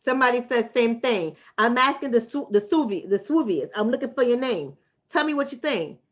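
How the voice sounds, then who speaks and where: Speaking a little high, animated and brisk, this Bronx, New York City woman hosts a laid-back livestream and coaches on relationships. Her answers to chat are blunt and streetwise, with points repeated for emphasis; the audio is dull.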